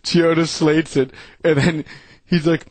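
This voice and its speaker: A man's voice: a little high, little pitch movement, measured pace, no room sound. A man hosting a radio show, telling rowdy stories in casual chat and laughing as he imitates his friends.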